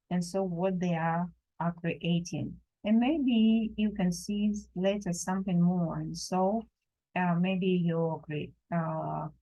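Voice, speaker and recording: Slow, gentle woman teaching drawing. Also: fairly low pitch, poor audio. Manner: slow, gentle, non-native phrasing with many pauses. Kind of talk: live drawing lesson. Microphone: camera while drawing at a table.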